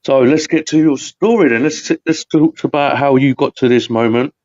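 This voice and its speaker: A British man hosts a live podcast in a rambling, chatty way, laughing often. His mid-range voice moves at normal speed with a darkish tone, and the dull audio has no room sound.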